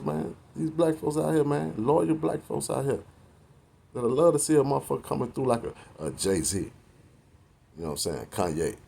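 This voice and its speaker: Husky-voiced man in his forties ranting. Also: low voice, a little mellow. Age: 40s. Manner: preachy and confrontational, heavy slang and cursing. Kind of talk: profane street-talk rant to the camera.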